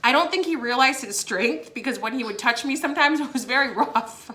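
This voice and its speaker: A young woman casually telling a story to her viewers, giggling between phrases and filling pauses with "like" and "um". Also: high voice, pushed and bright. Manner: giggly, laughs between phrases, many fillers. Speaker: vlogger.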